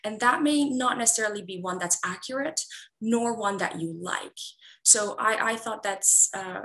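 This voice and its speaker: A woman's voice: medium pitch, fairly bright tone, rough recording. A woman who grew up in Iran, an author answering interview questions earnestly, with many fillers and restarts. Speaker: author guest.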